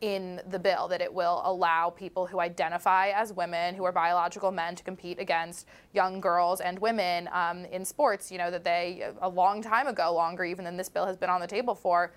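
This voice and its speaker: A woman appearing as a guest news anchor, explaining politics in a measured way with frequent fillers. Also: lowish voice, flat delivery. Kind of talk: political discussion.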